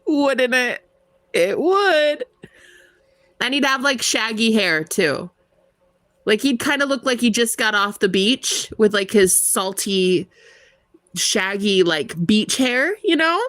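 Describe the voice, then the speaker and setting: A woman's voice: a little high, lively intonation, slow, fairly bright tone, no echo, studio quality. A young American woman, a tarot reader, chatting casually and giggling with her live viewers, rambling with lots of "like". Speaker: tarot reader livestream host.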